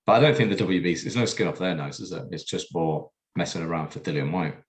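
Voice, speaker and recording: Low-voiced guy co-hosting a chat, lots of ums and restarts. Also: fast. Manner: hesitant, many restarts and fillers. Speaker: podcast co-host. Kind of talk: casual chat.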